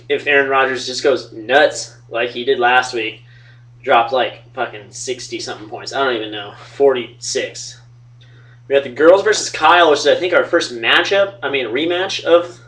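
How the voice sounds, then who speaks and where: A man's voice: medium pitch, a bit bright. A young man running a fantasy football league, talking loosely into a webcam at home, joking and swearing. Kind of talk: casual webcam trash talk and storytelling. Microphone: webcam mic. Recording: distant from the webcam mic.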